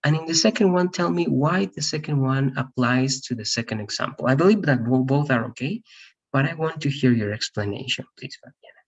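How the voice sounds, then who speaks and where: A man's voice: mid-range voice, fairly quick, lo-fi sound. A man teaching an English grammar class online, patiently explaining and checking understanding with his students. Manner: patient, repeats "all right?" to check understanding.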